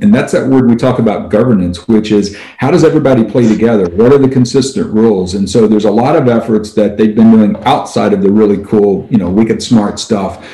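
A man's voice: medium pitch, warm tone. Sex: man. Role: credit union guest. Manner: upbeat. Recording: roomy echo. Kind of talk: interview conversation.

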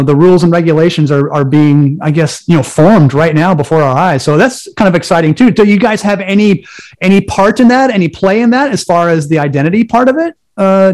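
A man's voice: on the high side, fairly quick, a little mellow. A man hosting an interview, asking questions with enthusiasm. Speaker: host. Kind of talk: interview conversation.

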